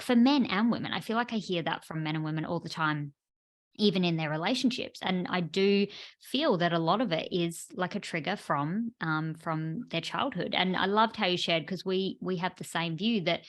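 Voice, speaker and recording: A woman in her thirties co-hosting a podcast, talking casually and agreeing warmly, with many "like" fillers. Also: fairly low pitch. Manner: chatty, warm agreement, frequent "like" fillers. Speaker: podcast co-host. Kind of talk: casual conversational chat.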